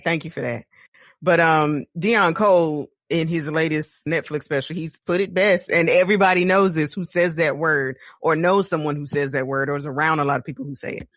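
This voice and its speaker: A woman's voice: sits low, a bit bright, dry recording, clean studio sound. Blunt, laughing Texan woman co-host. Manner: laughs often, blunt and candid. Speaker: podcast co-host. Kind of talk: casual chat. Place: studio.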